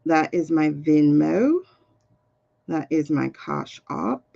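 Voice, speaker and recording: A woman's voice: low voice, expressive, slow, vocal fry, dark tone, lo-fi sound. A woman reading cards on a live stream, chatting casually and muttering to herself while she sorts out links. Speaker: live card reader. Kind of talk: casual livestream chat.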